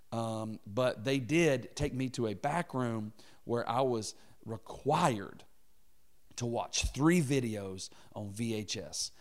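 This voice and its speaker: A man in his thirties preaching, telling a comic personal story and acting out the quotes in funny voices. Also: mid-range voice. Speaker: pastor. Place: church auditorium.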